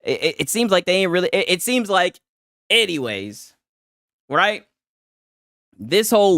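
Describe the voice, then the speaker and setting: A young man hosting gaming reaction commentary, animated, profane and mocking. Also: high-pitched, measured pace, long pauses, no room sound, studio quality.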